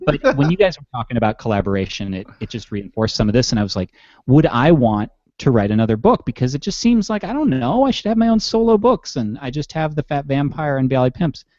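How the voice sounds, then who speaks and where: A man hosting a casual podcast who rambles, chuckles and pokes fun at himself. His voice sits at a middle pitch. The sound is dry and muffled, like lo-fi call audio. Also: big pitch swings, fast, hardly any pauses, a little mellow, no echo. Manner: rambling, self-mocking, chuckling. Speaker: podcast host.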